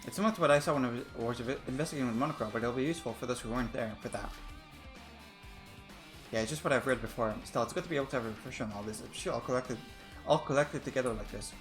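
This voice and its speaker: Male let's player: quick, flat-out dialogue reading at a middle pitch, with blunt remarks thrown in. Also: music in the background. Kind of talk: reading game dialogue aloud.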